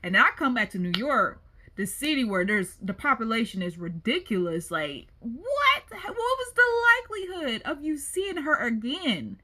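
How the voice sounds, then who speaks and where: A woman in casual reaction commentary, chatty and expressive. Her voice sits a little high and swings lively through its range, with a bright, sharp edge. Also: moderate pace. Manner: chatty, expressive, laughs often. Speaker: reaction video host.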